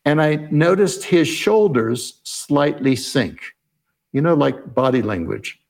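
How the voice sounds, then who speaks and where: A man with a slightly raised pitch recounts an episode for an interviewer. His delivery is measured and explanatory, and he often poses his own inner questions out loud as he narrates. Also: animated, gravelly. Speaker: podcast guest, negotiation expert. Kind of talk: reflective storytelling in an interview.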